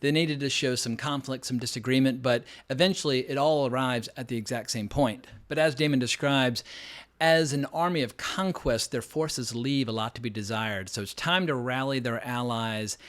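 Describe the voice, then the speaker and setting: A man reviewing a TV episode in a relaxed, conversational way, opinionated and now and then profane. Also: mid-range voice. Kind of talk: casual spoken TV episode review.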